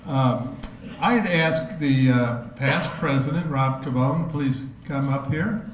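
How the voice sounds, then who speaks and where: A man's voice: mid-range voice, slow. A man serving as board president who runs the ceremony, casual and joking at the podium. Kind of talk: ceremony emcee. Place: banquet hall. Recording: echoey hall, crowd and room noise.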